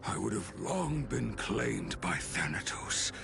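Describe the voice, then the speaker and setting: An actor voicing a frail old male chaplain in a video game, speaking weakly and haltingly. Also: fairly low pitch, sing-song, heavily acted. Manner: weak, halting, gravelly. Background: game music.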